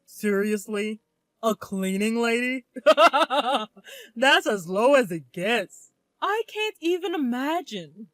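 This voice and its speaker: A woman's voice: fairly high pitch, big pitch swings, slow, fairly bright tone, no echo, heavily acted. A woman voicing a sneering, condescending wealthy in-law in a narrated story. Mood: mocking. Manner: mocking, condescending.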